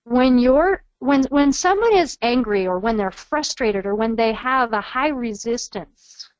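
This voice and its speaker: A woman's voice: fairly high pitch, expressive, a little slow, no echo, highs cut off. A woman trainer giving a webinar lecture in an earnest, coaching manner, modeling phrases aloud.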